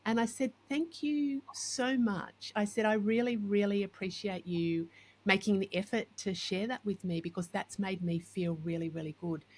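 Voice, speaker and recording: A woman's voice: mid-range voice, moderate pace. A woman hosting a podcast, chatting casually and acting out the voices in her stories. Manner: animated, acts out quoted voices. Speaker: podcast host and coach. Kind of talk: casual chat with storytelling.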